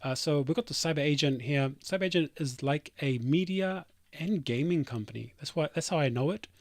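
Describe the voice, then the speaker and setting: A man's voice: on the high side, fairly quick, no room sound, studio quality. A developer streamer talking casually to his chat, reading comments aloud with dismissive, rambling asides.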